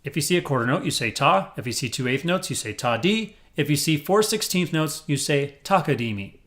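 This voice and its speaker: A man's voice: fairly high pitch, lively intonation, brisk, fairly bright tone. Upbeat male music teacher who is a little corny and encouraging, walking students through rhythm counting. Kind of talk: rhythm lesson with counting aloud. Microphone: headphones on.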